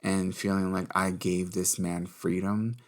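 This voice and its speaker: A man's voice: low voice, little pitch movement, unhurried. A young adult man hosting a podcast, candidly telling a personal story in casual chat, swearing freely and acting out what people said. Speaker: podcast host.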